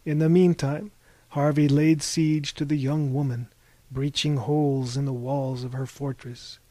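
A man narrating a novel as an audiobook in a measured, wry storytelling manner. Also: medium pitch, level tone, dark tone, dry recording.

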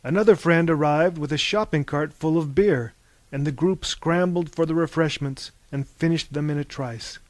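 Male storyteller, slightly raised pitch, dry booth, animated reads. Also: normal speed, no room sound. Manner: animated, bursts into loud high character shouts. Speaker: narrator. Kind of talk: audiobook narration.

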